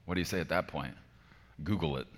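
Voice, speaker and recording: Male pastor, forties, low voice; emphatic sermon delivery that swings soft to loud, long reverb of a large hall. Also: quick pace.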